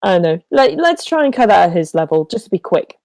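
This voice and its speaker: A woman's voice: on the low side, big pitch swings, fairly quick, a little mellow, no room sound, low-quality recording. Hesitant woman player, dry close mic. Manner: hesitant, lots of ums and swearing. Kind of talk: casual tabletop game chat.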